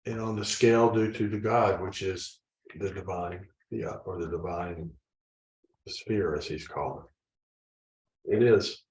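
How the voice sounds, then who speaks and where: A man with a lowish voice talks haltingly in a casual discussion and often restarts his sentences. He sounds far from the mic in a roomy, echoing space. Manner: halting, restarts phrases while searching for words. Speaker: discussion group member. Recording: echoey room, distant mic.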